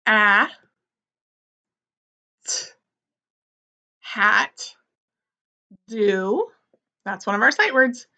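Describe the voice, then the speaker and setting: Bright-voiced teacher woman, slow spelling. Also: a little high, big pitch swings, vocal fry. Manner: slow, sound-by-sound spelling for young children; gently encouraging, asks questions and answers them. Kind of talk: early-grade phonics lesson.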